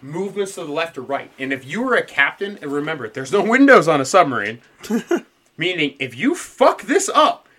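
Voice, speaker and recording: Podcast host, male, lively bright voice, swears freely while riffing on a story. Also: on the high side, moderate pace. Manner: profane, laughs a lot, animated storytelling. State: dry mouth. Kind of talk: casual conspiracy podcast chat.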